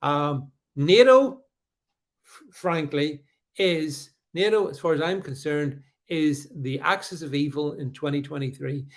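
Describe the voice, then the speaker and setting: This is a middle-aged livestream host with a voice on the high side, taking his time. He goes through viewer comments sarcastically and combatively, with lots of fillers and false starts.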